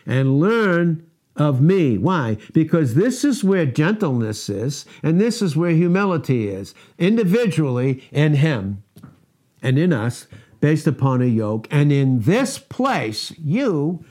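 A middle-aged man delivers a sermon at an unhurried pace, in a dark, mellow tone. His pitch swings widely as he stresses single words and answers his own questions. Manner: emphatic, rhetorical questions and repetition. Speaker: preacher.

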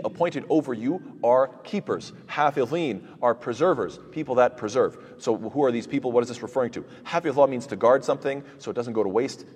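Husky male teacher in a reverberant hall. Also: mid-range voice. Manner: asks rhetorical questions and answers them, recites verses in Arabic. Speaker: Quran tafsir teacher. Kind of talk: lecture explaining verses.

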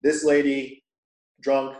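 A man's voice: medium pitch, monotone, takes it slowly, a little mellow, reverberant. A man co-hosting a casual podcast who reacts to his friend's stories with wry, sarcastic comments. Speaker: podcast co-host. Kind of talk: casual chat.

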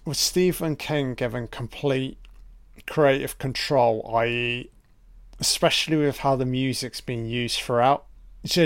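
Exasperated swearing man, slow and clear. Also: mid-range voice, no room sound, clean studio sound. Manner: profane, exasperated, sarcastic. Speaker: film commentator. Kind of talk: audio commentary rant.

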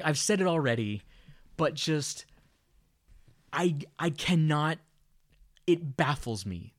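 Sardonic profane man recapping a movie. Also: medium pitch. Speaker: podcast co-host. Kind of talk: casual movie review chat.

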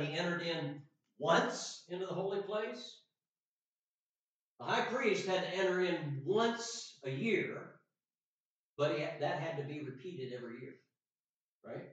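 Man teaching Sunday school in an echoey room. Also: fairly high pitch. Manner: conversational, often checks in with "right?" and "all right?"; reads scripture aloud in slow, deliberate emphasis. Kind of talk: Bible lesson. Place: church classroom. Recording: echoey room, distant mic, dull sound.

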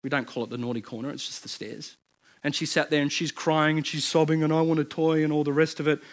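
A man in his thirties preaching a sermon, telling it like a story to his listeners. He speaks in a slightly high voice and often breaks off to restart or add an aside. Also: flat delivery, fast talker. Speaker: pastor.

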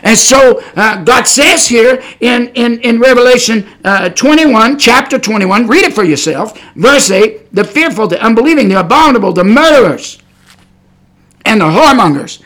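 A man preaches hard on a podcast in a very high voice. His tone is bright and forceful, and he leans on shouted, repeated warnings. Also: lively intonation, moderate pace. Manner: fiery, preaching with shouted emphasis and repetition. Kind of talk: podcast sermon.

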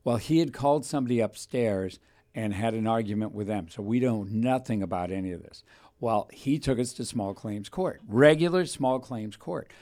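A radio host tells a long, rambling anecdote in casual chat, acting out the voices of the people in it. His voice is on the low side, a little mellow, at a moderate pace.

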